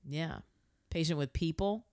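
A woman's voice: sits low, unhurried, darkish tone, no room sound, clean studio sound. A woman from New co-hosting a podcast, chatting frankly and laid-back, swearing casually. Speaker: podcast co-host. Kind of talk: casual chat.

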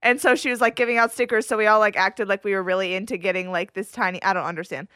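Bright young woman telling a story. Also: mid-range voice, steady tone, fast talker, smooth, dry recording, studio quality. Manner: rambling, fillers of "like", acts out quotes. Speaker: podcast guest. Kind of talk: casual chat, storytelling.

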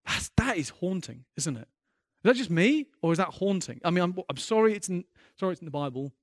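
A man's voice: high voice, big pitch swings, brisk, no room sound, clean studio sound. A man preaching a sermon as a pastor, earnest and impassioned, often restarting his sentences and building in intensity.

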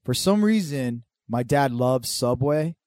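Mellow-voiced man telling crude stories. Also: mid-range voice, expressive, dry recording, clean studio sound. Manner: swearing freely, laughing, quick tangents. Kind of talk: casual storytelling chat.

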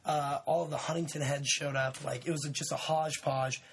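A man in his twenties hosting a podcast, telling a story in a rambling, laid-back way with lots of fillers and shout-outs. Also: a little high, little pitch movement, brisk, slight background noise. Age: 20s. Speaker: podcast host. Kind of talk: casual storytelling chat.

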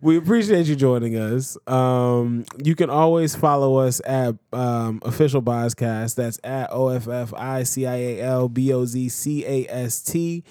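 A man's voice: medium pitch, fairly even intonation, a little slow, few pauses, mellow, smooth, dry recording, clean studio sound. A man co-hosting a podcast, talking in a casual, exasperated way and laughing through his protests. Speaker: podcast co-host. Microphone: podcast microphone.

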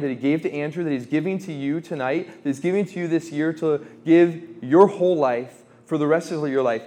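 A man in his twenties giving an informal faith talk to students, conversational, with quick asides and quotes he acts out. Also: fairly high pitch, darkish tone. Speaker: campus ministry speaker.

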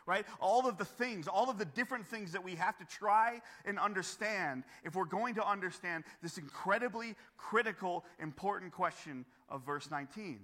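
A man's voice: high voice, expressive, normal speed. Earnest preacher man in a reverberant hall. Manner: earnest, rising to forceful emphasis. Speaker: pastor. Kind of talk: sermon.

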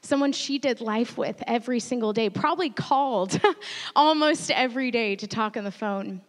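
A woman in her thirties preaching a sermon, telling a personal story earnestly and growing quietly emotional at times. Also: a little high, moderate pace. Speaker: pastor. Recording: long reverb of a large hall.

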